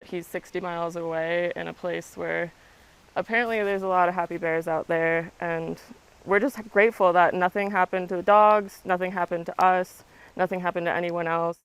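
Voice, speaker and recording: A woman's voice: fairly low pitch, steady tone, moderate pace, smooth. A young woman telling a story in a chatty way, with plenty of "like" and "um". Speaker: interviewee, resident. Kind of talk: casual recounting.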